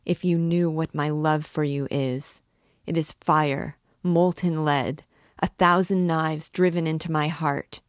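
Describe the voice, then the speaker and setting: A woman's voice: deep voice, fairly even intonation, slow, no room sound, studio quality. A woman voicing an obsessed older male priest in a storybook reading, pleading with passion. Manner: pleading, impassioned.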